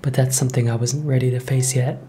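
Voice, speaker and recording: A man narrating a first-person horror story in a measured, suspenseful way. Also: mid-range voice, little pitch movement, dark tone, a little hiss or hum.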